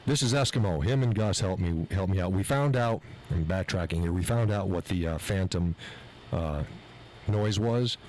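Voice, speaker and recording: A man's voice: low voice, moderate pace, slight background noise, poor audio. A man hosting his live show, telling an exasperated story with swearing and rising heat. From USA. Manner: animated, exasperated, swears freely. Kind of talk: casual storytelling rant. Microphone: mixer board mic.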